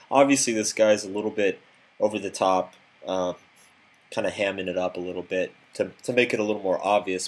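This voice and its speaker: A man narrating a self-improvement lesson in a direct, instructive way, with occasional fillers. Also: fairly low pitch.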